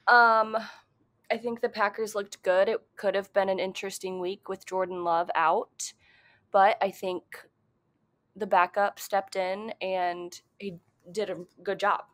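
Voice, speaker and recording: A woman's voice: mid-range voice, fairly even intonation, unhurried, fairly bright tone, dry recording. A woman co-hosting a casual podcast, answering with short, dry, teasing replies. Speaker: podcast co-host. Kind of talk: casual chat.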